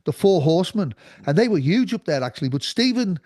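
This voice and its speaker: A male guest in casual conversation, insistent and rambling, talking over the host. His voice is high for a man, and the recording is dry and close. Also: very animated, fairly quick, a little mellow, no room sound.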